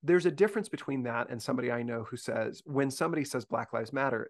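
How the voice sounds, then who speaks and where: A man's voice: mid-range voice, fast. A man briefing university faculty in a conversational discussion, earnest and thinking aloud with frequent restarts.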